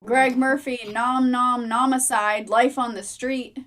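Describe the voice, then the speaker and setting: A woman with a fairly high voice hosts a relaxed online comedy hangout. She speaks unhurriedly, calling on guests by name and reading audience entries one after another. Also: takes it slowly. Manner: reads out audience entries, calls on people. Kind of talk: casual group video chat.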